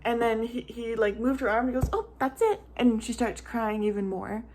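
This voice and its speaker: Chatty young mom, slightly high voice. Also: female voice, steady tone, fairly quick, darkish tone, a little hiss or hum. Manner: chatty, rambling, many "like" fillers; emotional, close to tears at times. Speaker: mom telling a story. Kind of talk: casual storytime vlog.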